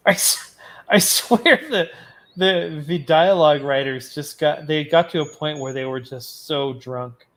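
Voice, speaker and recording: A woman's voice: sits low, a little slow. A woman hosting a casual game playthrough, giggly, self-mocking and chatty. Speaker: host. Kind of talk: casual let's play commentary.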